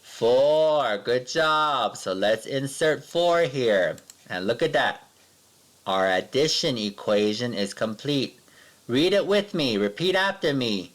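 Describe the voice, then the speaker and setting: A man's voice: medium pitch, animated, a bit bright. Sing-song man teaching young children. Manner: patient, sing-song, drawn-out counting with pupils. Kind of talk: remote math lesson for young children.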